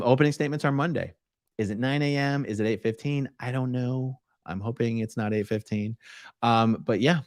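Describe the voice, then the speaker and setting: Brief: male live-stream host, mid-pitched, talkative, reading chat questions, dry close-miked sound. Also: no room sound. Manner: conversational, reads chat questions aloud and answers at length. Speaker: host answering viewer questions.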